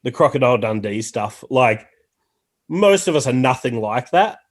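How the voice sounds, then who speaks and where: A man's voice: medium pitch, lively intonation, moderate pace. A man from Australia with an Australian accent, a podcast guest in casual chat, easygoing and hedging his points with frequent fillers.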